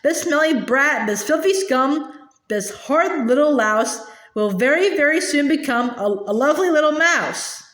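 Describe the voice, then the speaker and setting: A woman voicing a scheming old witch leader who coos sweetly and shrieks in triumph, counting down slowly. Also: sits high, lively intonation, fairly bright tone. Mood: triumphant shriek. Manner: syrupy coaxing then shrieking, drawn-out slow counting. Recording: roomy echo.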